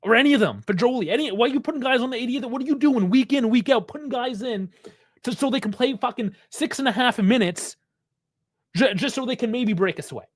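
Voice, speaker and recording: A man's voice: very high-pitched, expressive, brisk. A man giving live fan reaction to a football match, angry and frustrated, swearing heavily as he rants about the coach's choices.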